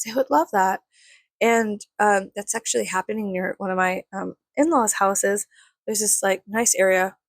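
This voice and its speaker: Gravelly, sweary woman ranting. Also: medium pitch, no echo. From San Antonio, Texas. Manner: heated, sweary, rambling. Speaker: vlogger. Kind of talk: profane casual rant.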